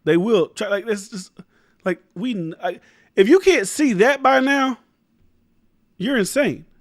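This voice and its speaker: A man with a high-sitting voice hosts his own commentary show, speaking slowly in a dry, studio-quality recording. His casual opinion talk is emphatic and rambling, full of swearing and restarted sentences.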